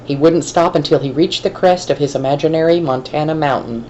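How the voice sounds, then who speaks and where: A woman teacher reading a novel aloud to her class in a steady, measured way. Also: deep voice, highs cut off, a little hiss or hum.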